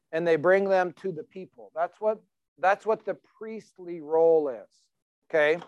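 A man's voice: on the high side, no room sound, dull audio. A man preaching a sermon as pastor in a conversational, emphatic way, asking the congregation questions.

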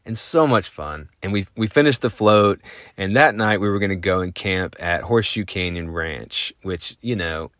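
Man, podcast host, rambling casual story, very deep voice, dry close sound. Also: lively intonation, normal speed, a bit bright, no room sound. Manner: rambling, lots of fillers, chuckling.

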